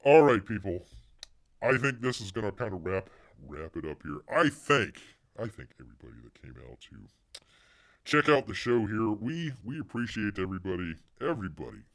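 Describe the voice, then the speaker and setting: A man's voice: lowish voice, big pitch swings, moderate pace, a bit bright. A man hosting a casual livestream, rambling and talking about himself in the third person, his voice getting worn. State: losing his voice. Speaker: livestream host.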